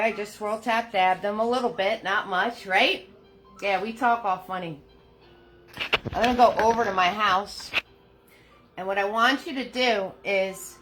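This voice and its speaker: Bright, chatty New Jersey woman. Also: mid-range voice, low-quality recording. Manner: chatty, laughs often, greets viewers by name. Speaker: painting instructor. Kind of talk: live painting class.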